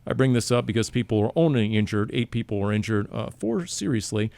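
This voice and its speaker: A man hosting a casual sports podcast, running through a segment with wry, deadpan delivery. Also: medium pitch, a little fast, creaky, dry recording. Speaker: podcast host.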